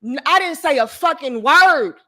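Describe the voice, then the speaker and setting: Talking directly to her viewers as "y'all," a woman vlogger unloads her frustrations with blunt, profane, openly emotional words. She speaks at a normal speed in a high-pitched, animated voice with a sharp tone.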